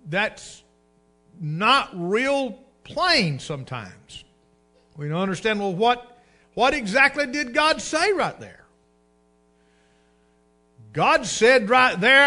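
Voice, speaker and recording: A man preaching with a high, bright, ringing voice. He builds his points with emphasis, slows right down to read scripture aloud, then lets the ends of phrases fall quiet. The delivery is that of a pastor in the pulpit. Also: sing-song, soft background music. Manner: drops to a hushed low voice at line ends. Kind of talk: sermon.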